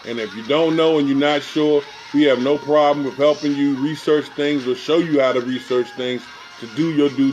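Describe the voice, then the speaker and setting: A man hosting a sports talk show, delivering a preachy, animated monologue straight to his audience in loose, colloquial speech that keeps repeating phrases. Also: mid-range voice, lo-fi sound.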